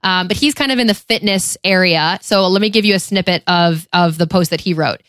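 A woman's voice: fairly low pitch, a little fast, a bit bright, no room sound, clean studio sound. A woman co-hosting a casual podcast chat, speaking enthusiastically. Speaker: podcast co-host.

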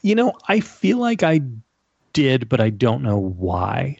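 A man with a gravelly, creaky voice is chatting as a podcast guest. He rambles through asides and restarts. He sounds close and dry over a dull, lo-fi line. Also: mid-range voice, huge pitch swings, takes it slowly, darkish tone, no echo. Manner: talkative, with many restarts and asides. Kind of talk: casual chat.

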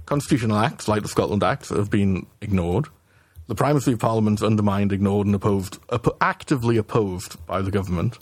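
A man's voice: lowish voice, fairly quick, a little mellow, no echo. Man talking politics over beers. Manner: hesitant restarts, swearing, building an argument. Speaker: podcast co-host. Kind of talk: casual political chat.

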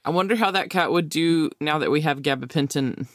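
A man co-hosting a podcast in casual chat, laughing often and talking in an animated way. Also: a little high, brisk, no echo, studio quality. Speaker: podcast co-host.

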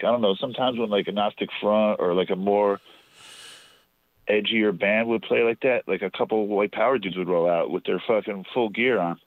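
Low fast-talking man, tinny line. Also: no echo. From New Jersey. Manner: profane, rambling anecdotes. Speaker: podcast guest, show promoter. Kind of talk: casual storytelling.

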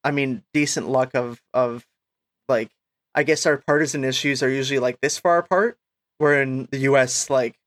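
A man's voice: medium pitch, normal speed, no echo. A man co-hosting a podcast, chatting casually with frequent laughs and restarts. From Canada. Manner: animated, laughs often, many restarts. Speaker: podcast co-host. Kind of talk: casual chat.

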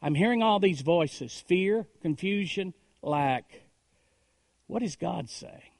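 A man's voice: high-pitched, expressive, slow, gravelly, no echo. Preaching man, dry close sound. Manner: preaching with repeated phrases and rhetorical questions; swings between hushed lines and raised emphatic calls. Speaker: pastor. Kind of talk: sermon. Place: church.

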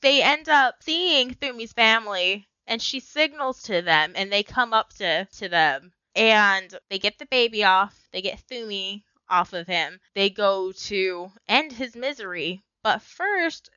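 A woman in her thirties chats through a film review with a bright, forceful edge to her voice. She retells scenes emphatically and laughs often. The sound is dry and a little dull, like lo-fi podcast audio. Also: mid-range voice, expressive, a little slow, few pauses, clear, resonant tone, no room sound. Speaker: podcast co-host. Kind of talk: casual film review chat.

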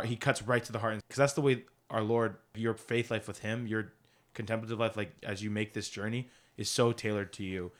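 A man co-hosting a podcast, retelling a story in a rambling, laugh-filled casual chat with many restarts. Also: on the low side. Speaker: podcast co-host.

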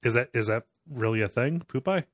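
An American man co-hosts a podcast, chatting casually at a brisk pace in a medium-pitched voice. He sounds hesitant, stammering and often restarting his sentences. The recording is studio quality with no room sound.

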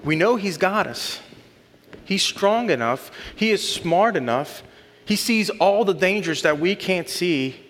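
A man's voice: high voice, expressive, unhurried, fairly bright tone, a little hiss or hum. A man in his thirties or forties preaching a sermon, earnest and building to emphatic lists. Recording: long hall reverb.

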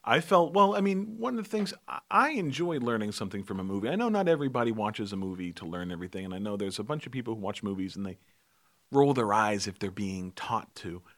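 A man's voice: on the low side, very animated, fast, a bit bright. A man co-hosting a casual movie chat, talking about films with enthusiasm and explaining things as he goes. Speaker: podcast co-host.

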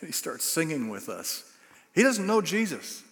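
A man's voice: a little high, sing-song, unhurried, fairly bright tone. Man preaching in a reverberant church. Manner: storytelling, building to bursts of emphasis. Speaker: pastor. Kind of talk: sermon. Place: church sanctuary. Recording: long reverb of a church hall.

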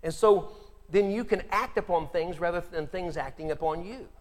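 A male pastor preaching a sermon, telling Bible stories in an animated way, acting out the characters and laughing between points. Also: high voice, moderate pace, long reverb tail.

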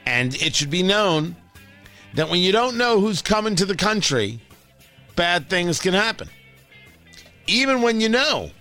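A man's voice: sits high, sing-song, measured pace, long pauses, pushed and bright, soft background music. A man hosting a talk radio show, delivering a blunt, opinionated monologue with sarcastic asides from a studio mic.

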